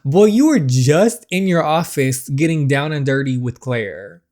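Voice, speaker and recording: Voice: mid-range voice, animated, a little slow, darkish tone. A channel host reading through a story game, chatty and reactive in casual commentary.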